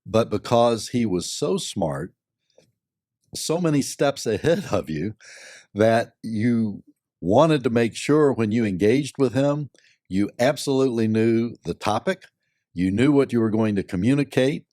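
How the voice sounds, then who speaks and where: An older man, a company board member and lawyer, giving measured, thoughtful answers with many pauses and fillers. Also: medium pitch, expressive, dark tone, no echo, clean studio sound. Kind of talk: reflective interview answers.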